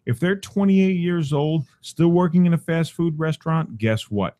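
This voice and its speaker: A young man hosting a podcast, delivering an angry, profane rant loud and fast, cursing constantly. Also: fairly high pitch. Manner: profane, furious, shouting rant. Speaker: podcast host. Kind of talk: angry ranting commentary.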